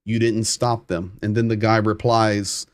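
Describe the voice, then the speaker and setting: A man's voice: fairly low pitch, flat delivery, unhurried, smooth, no room sound, studio quality. A man hosting a live war update stream, translating clips and stressing points by repeating himself. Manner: emphatic, repeats phrases for stress.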